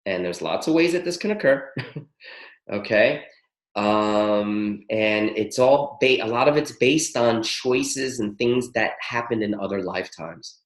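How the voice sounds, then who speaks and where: A man leading a spiritual teaching call, excitable and profane, rattling off long lists of words in one breath. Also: fairly low pitch, roomy sound, rough recording. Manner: excitable, swears freely, rapid-fire incantation lists. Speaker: spiritual workshop leader. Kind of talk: live teaching call with interpreter.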